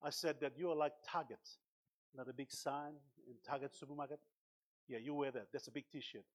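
A man preaching a sermon as pastor, impassioned, with sudden loud bursts and cries of hallelujah. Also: mid-range voice, fairly even intonation, brisk. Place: church.

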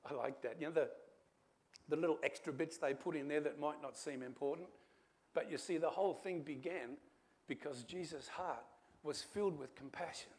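Preaching as a pastor, this man tells a story, moving from quiet asides to loud exclamations with small chuckles mixed in. His pitch is fairly high and his pace moderate.

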